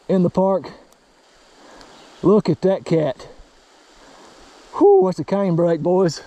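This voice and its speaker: A young man, vlogging casually and excitably while fly fishing by a mountain creek. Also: high voice. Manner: excitable, folksy exclamations. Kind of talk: casual outdoor vlog narration.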